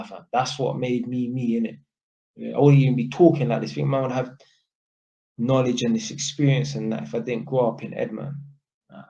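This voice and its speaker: A man's voice: mid-range voice, a little mellow. Blunt London man with dull lo-fi sound. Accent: London (Multicultural London English). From England. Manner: blunt, street slang, swears, repeats innit. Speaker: vlogger. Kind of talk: casual monologue to camera.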